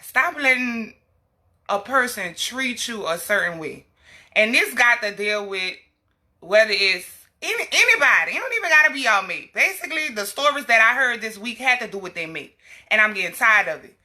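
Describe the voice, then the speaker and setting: A young woman, a health advocate vlogger, speaks on a casual livestream in a fairly high, sing-song voice at normal speed with a sharp tone. Fired up and emphatic, she preaches self-worth to women while tossing scolding asides at her little girl.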